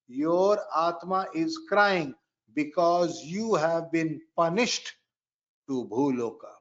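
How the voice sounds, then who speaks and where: A man's voice: fairly high pitch, animated, a bit bright, muffled recording. A man giving a spiritual astrology lecture, speaking emphatically and repeating key phrases. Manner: slow, emphatic, repeats phrases and chants mantras. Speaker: Vedic astrology teacher.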